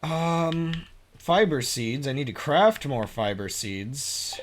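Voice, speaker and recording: Over a farming game, this streamer from Appalachia in the U.S. rambles through casual commentary, laughing often and affecting an exaggerated drawl now and then. The voice is mid-range, animated and slow, with slight background noise.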